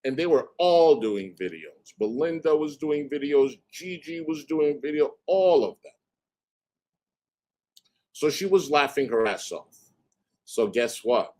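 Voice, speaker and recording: A man hosting a livestream, telling a story in a casual, animated and profane way and mimicking other people's voices. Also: on the high side, a little slow, pauses often. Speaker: livestream host.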